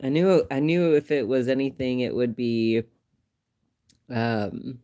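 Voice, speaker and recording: A man hosting a casual livestream who chats loosely, laughs often and grows animated when he retells a story. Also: medium pitch, slow, smooth. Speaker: livestream host.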